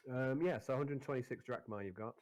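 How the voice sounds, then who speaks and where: A man's voice: medium pitch, fast, a little mellow, dry recording, low-quality recording. A man running a tabletop game and checking rules as he goes, often stopping and restarting. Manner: hesitant, lots of restarts while checking rules. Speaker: game master.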